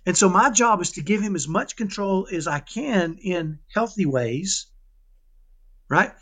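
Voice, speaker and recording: A man talking casually in an interview about raising his son, animated and often checking in with "right?". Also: high-pitched, unhurried. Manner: animated, keeps asking "right?"; acts out dialogues with his son. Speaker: parenting guest.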